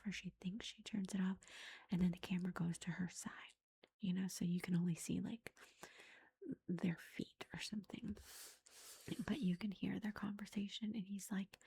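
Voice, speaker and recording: Breathy whispering woman, ASMR book review. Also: lowish voice, fairly even intonation, moderate pace, warm tone. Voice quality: unvoiced whisper. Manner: rambling retelling full of "like" and "you know".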